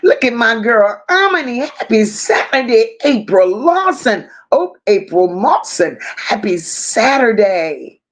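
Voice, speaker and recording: Her voice sits on the high side with a sing-song lilt as she runs a relaxed livestream. One by one, she greets viewers in a warm, drawn-out way and voices their chat messages aloud.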